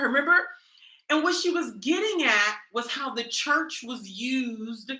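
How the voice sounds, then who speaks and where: A woman coach gives a lively motivational talk, speaking straight to her listeners in a loose, conversational way. Her voice is bright and forceful. The sound carries the echo of the room. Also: sits high, unhurried. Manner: animated, conversational, addresses audience directly. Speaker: women's coach and teacher.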